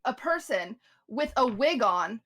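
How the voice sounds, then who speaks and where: High, bright woman telling a party story. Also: a little slow. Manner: animated storytelling, swearing, acted-out quotes. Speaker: podcast guest telling a story. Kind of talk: casual chat.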